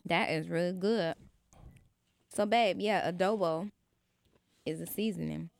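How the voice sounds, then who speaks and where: A woman's voice: on the low side, a little slow, vocal fry, a little mellow, no room sound. A woman co-hosting a dinner podcast in casual chat, sassy and blunt, laughing often. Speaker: podcast co-host.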